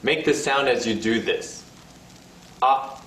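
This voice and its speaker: A man giving scripted instructions in a language lesson, demonstrating each sound with slow, drawn-out vowels. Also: mid-range voice, lively intonation, a bit bright, slight background noise. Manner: slow, carefully paced delivery with sung and held vowel demonstrations. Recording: roomy, distant-sounding recorded video.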